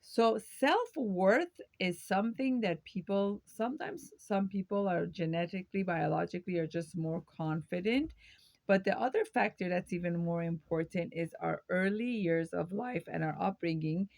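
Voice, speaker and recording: Woman, vocal fry, lowish voice, reflective educational monologue, rhetorical questions, occasional um and uh. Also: moderate pace, darkish tone, dry recording. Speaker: host of her own video channel.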